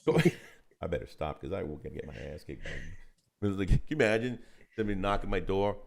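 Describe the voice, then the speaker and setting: A man's voice: low voice, fairly quick, creaky. A man co-hosting a casual gaming live stream, playful and laughing often as he reads game rules aloud. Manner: playful, laughing often, breaks into jokey voices. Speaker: co-host of a tabletop gaming live show.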